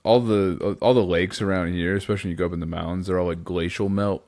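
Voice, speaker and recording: Young male co-host, low-voiced, dry wry quips. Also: steady tone, fast, darkish tone. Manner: dry, wry short replies. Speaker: podcast co-host. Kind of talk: casual chat.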